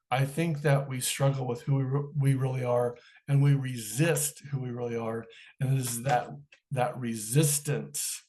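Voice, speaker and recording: A man's voice: mid-range voice, a little mellow. A middle-aged man, a podcast guest, telling a personal story in an interview and acting out the dialogue in it.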